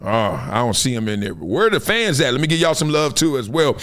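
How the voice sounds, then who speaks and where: A man's voice: mid-range voice, big pitch swings, fast talker, fairly bright tone. A man from Compton hosting a live sports talk stream in a casual, slangy, playful way, laughing often. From Compton, California. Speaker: show host.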